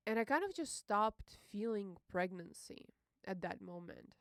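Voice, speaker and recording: A young woman hosting a podcast, telling a personal story in an emotional, halting way, with many fillers and curses. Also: medium pitch, clean tone, dry recording, studio quality. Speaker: podcast host.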